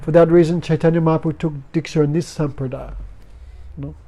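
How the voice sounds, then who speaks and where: A fairly high-voiced man teaching a spiritual class to students. He talks in short, simple phrases of broken English and breaks into chanted verses. His tone stays patient and explanatory. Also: fairly even intonation, fast talker, dark tone. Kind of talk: devotional class talk.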